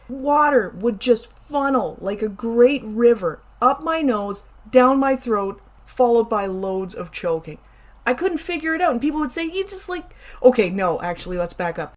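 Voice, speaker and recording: Speaking at a fairly high pitch, this middle-aged woman from Canada runs a laid-back solo show. She tells a personal story with lively energy, playful stresses and side comments.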